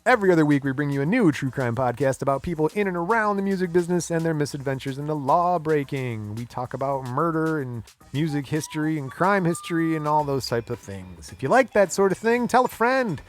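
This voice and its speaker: Male podcast host, middle-aged, fairly high voice, playful and quick to joke, faint music under him. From Michigan. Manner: animated, jokey, loud announcer-style intro. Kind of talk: casual podcast chat.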